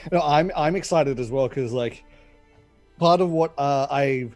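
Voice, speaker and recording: A man's voice: mid-range voice, measured pace, darkish tone, soft background music. A man who is a player in a tabletop game, chatting casually with short replies and frequent laughs. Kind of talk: casual chat.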